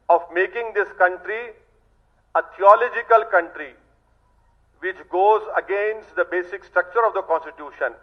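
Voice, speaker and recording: High-voiced Indian man, impassioned. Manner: emphatic, repeats rhetorical phrases, addresses the leader directly. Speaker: politician. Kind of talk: impassioned political statement to the press. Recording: muffled lo-fi recording.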